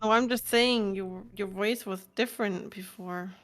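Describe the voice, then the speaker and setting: A woman's voice: mid-range voice, steady tone, measured pace, a bit bright. A woman player joking and teasing during a tabletop game.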